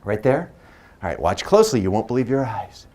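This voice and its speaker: A man's voice: lowish voice, very animated, a little fast, mellow. A man in his forties performing as a magician. He uses a stage microphone and mixes playful stories with teasing banter with his audience. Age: 40s. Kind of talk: live stage patter with storytelling.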